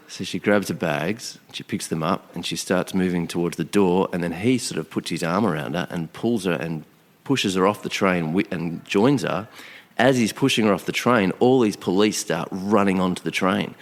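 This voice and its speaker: Man, low-pitched voice, casual storytelling, acts out quoted thoughts. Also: moderate pace. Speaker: podcast guest. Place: outdoor location.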